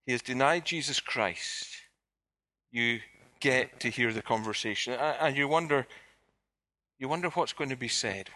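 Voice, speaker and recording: A man's voice: mid-range voice, pushed and bright. A man preaching a sermon at a church service, putting direct rhetorical questions to the congregation. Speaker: pastor.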